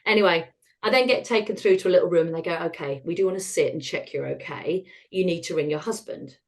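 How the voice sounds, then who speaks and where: A woman's voice: lowish voice, fast talker. Frank, wry British woman storyteller. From United Kingdom. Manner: frank, wry, acts out dialogue in quotes. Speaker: guest, retired osteopath. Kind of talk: candid storytelling interview.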